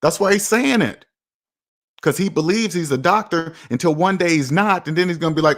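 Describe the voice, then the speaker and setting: Animated and a little fast, his voice is on the high side with a slightly bright tone. As a personal finance vlogger, he delivers a casual motivational monologue directly to viewers, emphatic and preachy, saying things again for effect.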